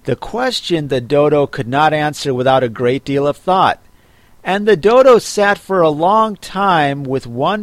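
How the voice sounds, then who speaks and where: A man reads a classic storybook aloud in a measured, expressive narration. His pitch moves lively while the pace stays slow. The recording is dry and close. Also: no room sound. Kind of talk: storybook audiobook reading.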